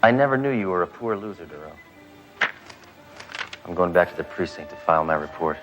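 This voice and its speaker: A man's voice: low-pitched, lively intonation, fairly quick, lo-fi sound, over music. An actor playing a brash, boastful male police detective with a blunt, smug manner. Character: brash trigger-happy male cop, smug.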